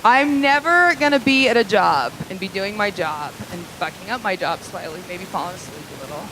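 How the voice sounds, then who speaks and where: A woman's voice: medium pitch, very animated, a little fast, noisy background. Foul-mouthed woman doing stand-up. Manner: profane, crude, conversational. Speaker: stand-up comedian. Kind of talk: live stand-up set. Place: live comedy club.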